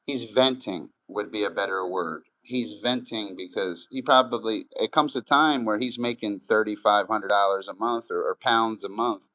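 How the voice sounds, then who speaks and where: A man's voice: on the low side, normal speed, few pauses, sharp tone, poor audio. A middle-aged man chatting loosely on a live stream, swearing often and rambling between stories and replies to chat.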